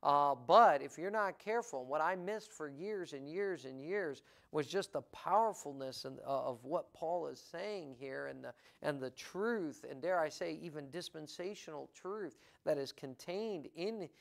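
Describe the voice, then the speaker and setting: A man's voice: a little high, unhurried, vocal fry, few pauses, fairly bright tone. A man preaching a sermon as pastor of a church, earnest and building in energy, with restarts and fillers as he talks. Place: church sanctuary.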